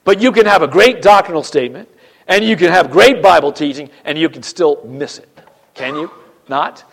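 A man preaching a Sunday sermon in church, emphatic and swinging between loud and quiet, often repeating phrases. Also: a little high, animated, moderate pace, creaky. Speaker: pastor.

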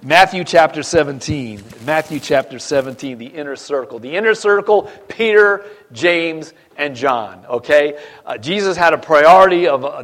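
A middle-aged male pastor preaching a sermon, reading scripture dramatically with swings between loud and hushed delivery. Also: a little high.

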